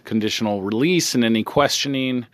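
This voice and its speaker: A man's voice: medium pitch, brisk, dry recording, natural voice. A man playing a weary parole officer who states things for the record in a procedural, offhand way. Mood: businesslike.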